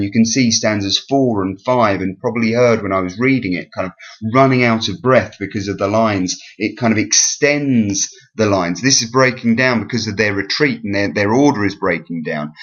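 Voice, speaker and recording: Man teaching, deep voice, lo-fi. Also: a bit bright. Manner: explanatory, frequent ums and self-corrections. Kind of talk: recorded revision lesson. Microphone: voice-over over slides. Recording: dull lo-fi recording.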